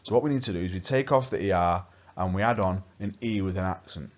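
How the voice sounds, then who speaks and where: A man teaches a recorded lesson, patiently repeating his key points. His voice sits very low. The recording sounds dull and lo-fi. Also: fast. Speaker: language teacher.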